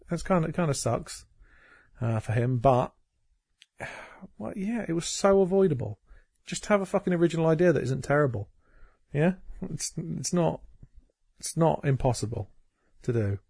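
This man hosts a relaxed chat in a gravelly, slightly husky voice that swings up and down a lot. He teases his co-hosts and swears freely, and the sound is dry and close. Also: a little high, dry recording. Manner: sweary, sarcastic, teasing. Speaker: podcast host. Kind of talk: casual chat.

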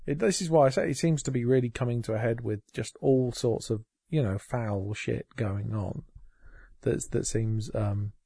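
A man on a podcast, talking in a rambling, sweary, sarcastic way. His voice has a gravelly fry and a husky edge. The sound is close and dry, with no room around it. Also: mid-range voice, moderate pace, warm tone, dry recording. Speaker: podcast co-host. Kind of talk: casual chat.

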